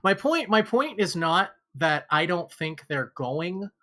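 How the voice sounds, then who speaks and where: A man's voice: high voice, big pitch swings, slow, bright, forceful tone. A man co-hosting a casual gaming podcast, ranting with lots of profanity. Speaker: podcast co-host.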